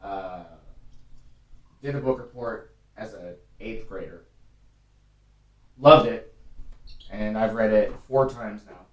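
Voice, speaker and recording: Man, forties, very low voice, relaxed rambling chat with lots of ums. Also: slow pace, long pauses. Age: 40s. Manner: relaxed, rambling, frequent fillers and restarts. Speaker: podcast guest, whiskey brand rep. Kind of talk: casual chat.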